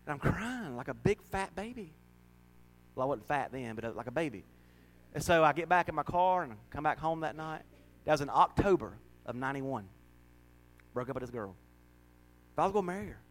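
A middle-aged man preaching a folksy, emotional sermon, breaking into laughs and sudden loud, high rises. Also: lively intonation, fast, rough recording. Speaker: pastor.

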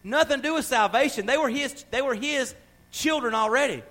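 A middle-aged man preaching a sermon, emphatic and loud at times, then dropping into quiet asides. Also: very high voice, a little fast, rough recording. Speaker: pastor.

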